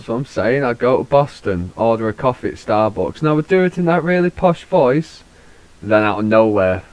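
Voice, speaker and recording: A man's voice: mid-range voice, lively intonation, a little fast, no room sound, rough recording. A British man, a podcast host, chatting casually and swearing freely, with laid-back banter. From Britain. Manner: swearing, laid-back, puts on posh voices for jokes. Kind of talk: casual chat.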